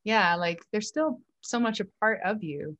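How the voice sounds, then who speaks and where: A woman hosting an interview, gentle and reflective, often pausing to search for her words. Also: medium pitch, lively intonation, lo-fi sound, a little hiss or hum. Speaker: podcast host. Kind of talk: empathetic conversational interview. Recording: dry close-miked sound.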